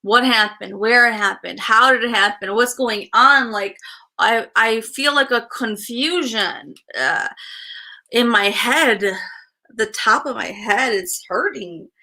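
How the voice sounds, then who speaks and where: A woman talks through a spirit reading at an unhurried pace. Her voice sits a little high and rings bright. She hesitates and restarts often, filling gaps with fillers, and stays frank with easy laughs. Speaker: psychic medium.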